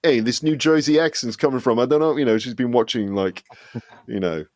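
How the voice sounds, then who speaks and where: Medium-pitched and darkish, this voice belongs to an English teacher and podcaster in his forties from Solihull, West Midlands, who has a faint local accent. He talks fairly quickly as a self-deprecating, often-laughing guest in a casual interview, and the studio sound is clean with no room tone.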